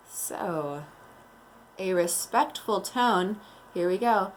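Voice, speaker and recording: A woman teacher leading a morning meeting lesson, explaining slowly and calmly to young children. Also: mid-range voice, a little hiss or hum. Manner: slow, calm and deliberate, explaining to young children.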